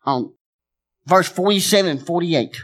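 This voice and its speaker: A man's voice: high-pitched, a little slow, fairly bright tone. A man preaching a sermon as pastor, emphatic, often repeating himself and restarting phrases.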